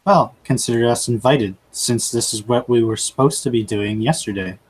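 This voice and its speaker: A man playing in a tabletop game, relaxed and joking. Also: mid-range voice, moderate pace, husky, rough recording. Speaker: player. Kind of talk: casual tabletop play.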